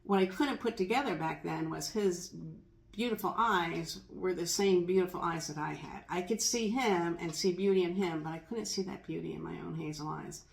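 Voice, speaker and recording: A woman's voice: fairly low pitch, normal speed, creaky. A middle-aged woman sharing a personal story in an earnest, reflective monologue, repeating kind words she says to herself. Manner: earnest, reflective, speaks lines to herself aloud. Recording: echoey room.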